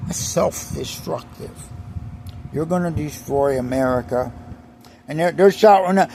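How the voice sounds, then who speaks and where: A man with a high, gravelly voice rants in a slow, deliberate monologue. He repeats himself with emphasis and keeps restarting sentences. Faint vehicle noise hums underneath. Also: darkish tone. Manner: emphatic, repetitive, restarts often. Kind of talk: ranting monologue to camera.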